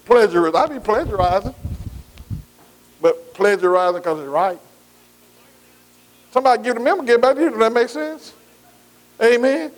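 A man's voice: very high voice, moderate pace, pauses often. A man. He talks to the congregation in a folksy way, with call-and-response and many amens. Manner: folksy call-and-response preaching, frequent "amen". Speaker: pastor. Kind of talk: sermon.

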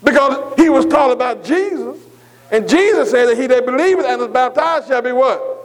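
A man preaching a sermon, reading scripture slowly and drawing out the words, then asking his congregation questions and repeating phrases for emphasis. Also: very high-pitched, lively intonation. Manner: slow, drawn-out reading of scripture.

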